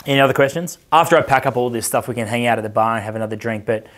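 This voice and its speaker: Thirties male coach, casual brash seminar talker, swears freely, mid-pitched. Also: very fast, a bit bright. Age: 30s. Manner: brash, profane, storytelling. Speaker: dating coach. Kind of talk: casual seminar talk with audience questions.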